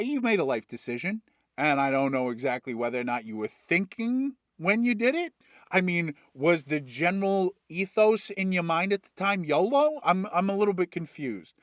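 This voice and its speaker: Brief: a rambling, profane man, slightly high voice, dry close sound. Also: a bit bright, dry recording. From Worcester, Massachusetts. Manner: profane, rambling, jokey asides. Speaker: comedic recapper. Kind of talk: comedic story retelling.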